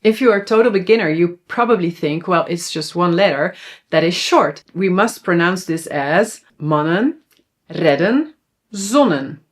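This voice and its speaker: A young Dutch woman with a Dutch accent teaching pronunciation, modeling sounds slowly and asking the viewer to repeat after her. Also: on the low side. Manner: slow, clear pronunciation drills, asks viewer to repeat. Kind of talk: online language lesson.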